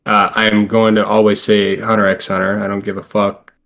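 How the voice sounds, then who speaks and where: A man's voice: lowish voice, completely flat delivery, brisk, a bit bright. A man co-hosting a podcast, talking in a laid-back way with many fillers, chuckling along as he explains. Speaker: podcast co-host. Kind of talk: casual chat.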